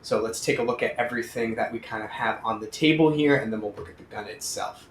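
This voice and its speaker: A man's voice: medium pitch, quick pace, a little hiss or hum. Eager man unboxing gear in an echoey room. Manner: chatty, eager, lots of fillers and asides. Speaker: airsoft channel host. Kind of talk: casual product unboxing.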